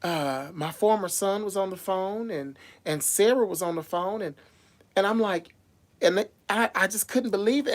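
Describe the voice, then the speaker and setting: A woman's voice: mid-range voice, normal speed. A woman ranting on a casual livestream, heated and emotional, repeating and restarting her words as she speaks straight to her viewers. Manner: heated, emotional and repetitive, stumbling over words; addresses viewers directly. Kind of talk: casual live-stream rant.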